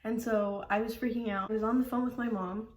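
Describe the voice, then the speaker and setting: A woman's voice: a little high, steady tone, brisk. A young woman vlogging at home, telling a story casually in a rambling way, full of "like" and laughing often. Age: young adult. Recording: echoey room.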